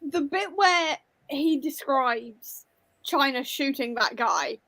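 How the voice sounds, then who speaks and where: A woman co-hosting a casual live book discussion with quick, joking asides. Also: high voice, lively intonation, sharp tone, no room sound.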